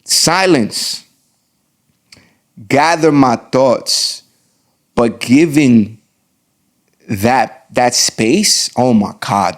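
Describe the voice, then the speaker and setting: Earnest New podcast host, man. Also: mid-range voice. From the Bronx, New York. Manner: earnest and emphatic, repeats phrases, slows down to stress points. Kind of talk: solo podcast advice talk.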